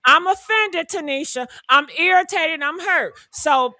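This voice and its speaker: A woman with a high, bright, sharp voice rants on a livestream. She is loud and fiery, swears freely and talks straight to her viewers. The sound is close and dry, with no room echo. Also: measured pace. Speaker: livestream host. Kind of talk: heated livestream rant.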